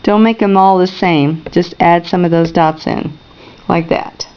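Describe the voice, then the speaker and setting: Woman painting teacher, gentle step-by-step talk, lower voice, muffled lo-fi recording. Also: steady tone, a little slow, clean tone. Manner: gentle, narrates each brush stroke, checks in with viewers.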